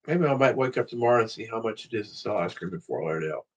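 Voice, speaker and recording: A man's voice: fairly low pitch, lively intonation, rapid-fire, husky, muffled recording. A man talking straight to the camera in a casual vlog, rambling and swearing freely. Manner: profane, rambling talk to camera. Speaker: vlogger.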